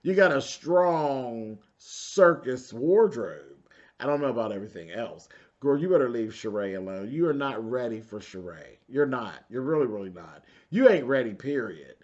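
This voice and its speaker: A man's voice: fairly low pitch, fairly quick, lo-fi sound. Sassy man recapping reality TV. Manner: sassy, animated, talks straight to viewers. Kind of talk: casual TV recap commentary.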